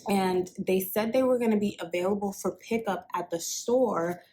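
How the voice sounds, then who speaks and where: A woman chatting through a casual storytelling unboxing vlog in an excitable, conversational way. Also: mid-range voice, normal speed, a little hiss or hum. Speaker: fashion vlogger.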